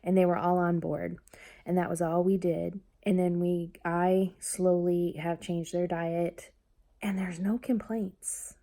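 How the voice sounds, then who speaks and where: A mother chatting casually on a vlog, rambling with lots of fillers and getting lively when she tells family stories. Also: lowish voice, unhurried. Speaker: mother talking about her family.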